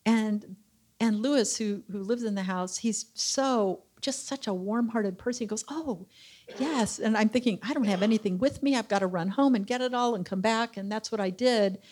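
A middle-aged woman tells a personal story from the pulpit in a mid-pitched voice. She acts out the people she quotes with lively shifts of tone. It is a casual, heartfelt church testimony. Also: normal speed. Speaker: church member sharing testimony.

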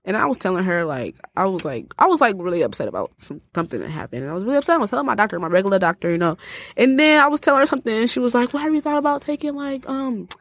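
A young woman, co-hosting a podcast and telling stories in an animated, laughing way. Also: medium pitch, rapid-fire. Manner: animated storytelling with frequent laughter. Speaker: podcast co-host. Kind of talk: casual podcast chat. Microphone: podcast microphone.

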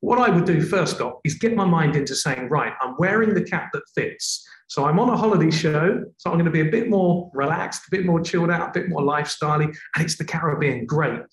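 Male presenter, lively shifts in tone, a touch high-pitched, roomy sound. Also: brisk, few pauses. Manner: expressive, varies tone for emphasis. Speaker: TV presenter, guest. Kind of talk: explaining presenting technique in a conversation.

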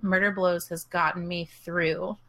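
A woman's voice: on the low side, little pitch movement, measured pace, a bit bright. A young woman co-hosting a podcast, chatting casually and joking with emphatic flourishes. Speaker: podcast co-host. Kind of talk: casual chat.

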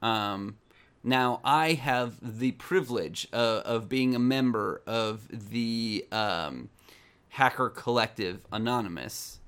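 A man's voice: medium pitch, slow pace, fairly bright tone, clear, resonant tone. A young man co-hosting a comedy podcast, rambling and giggly with frequent restarts. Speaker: podcast co-host. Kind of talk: casual comedic chat.

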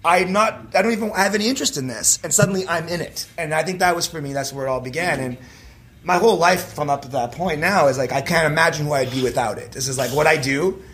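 A young man telling a story in casual chat, animated and swearing, with lots of filler words. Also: on the high side, quick pace, slight background noise. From Canada. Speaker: actor telling his story.

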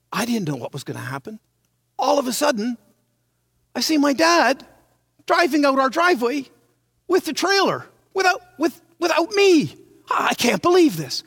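An older male preacher in his sixties tells a personal story as a sermon, dramatic and animated. His voice is high and swings widely between hushed and loud. The recording is close and dry. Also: husky, no echo. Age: 60s.

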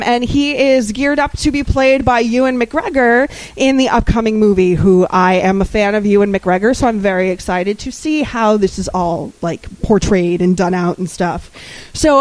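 A higher-pitched woman chatting casually as a podcast co-host, meandering through her thoughts and stopping often to find the right word. Her voice sounds close and dry, with no room around it. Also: no room sound, low-quality recording. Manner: rambling, searching for words, laughs easily. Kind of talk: casual chat.

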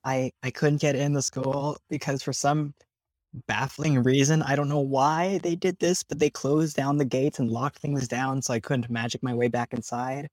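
A man's voice: medium pitch, steady tone, moderate pace, darkish tone, dry recording, lightly acted. A man voicing a young woman mage student who is flustered, hug-shy and rambling. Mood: upset.

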